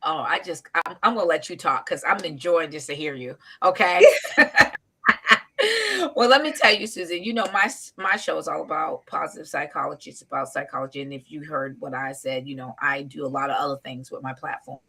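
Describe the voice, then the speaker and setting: A woman's voice: sits low, fairly quick, sharp tone, husky. A woman hosting a live talk show over a video call, gushing and laughing as she introduces her guest. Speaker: show host. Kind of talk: casual live interview. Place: outdoors in wind.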